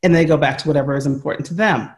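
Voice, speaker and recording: On a call from home, an American interview guest races through long, earnest explanations, often using fillers and restarting his sentences. His voice is a little high.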